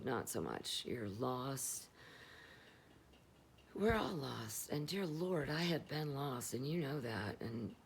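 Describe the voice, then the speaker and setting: A woman's voice: rumbling low, gravelly, a little hiss or hum. A middle-aged woman talking candidly and rambling in a confessional vlog, swearing freely while stoned. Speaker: vlogger.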